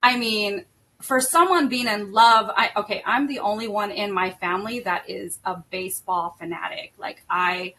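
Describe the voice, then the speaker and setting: Middle-aged woman host, bright tone, warm emotional chat full of fillers and laughs. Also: mid-range voice, normal speed, slight background noise. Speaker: podcast host. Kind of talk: casual chat.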